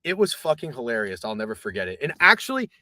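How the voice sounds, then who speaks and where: A man streaming live, telling a long rambling story in casual, profane, animated talk. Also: mid-range voice, fast.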